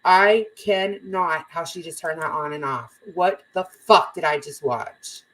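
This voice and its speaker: A woman's voice: low voice, unhurried, a bit bright, poor audio. A woman giving casual reaction commentary, blunt and incredulous.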